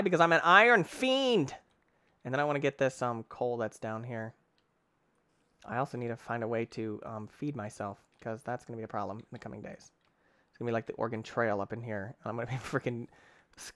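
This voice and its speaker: A man giving excitable, rambling commentary on his gameplay, talking to himself and breaking into sudden shouts. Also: a little fast, no echo. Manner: excitable, with sudden shouts and big pitch jumps. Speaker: gaming channel host. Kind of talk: let's-play gameplay commentary.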